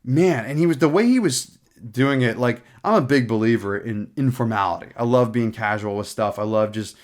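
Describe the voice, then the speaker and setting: A man's voice: mid-range voice, normal speed. Rambling, profane young man telling a story. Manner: rambling, profane, full of "like" and restarts. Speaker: podcast host. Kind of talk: casual storytelling monologue.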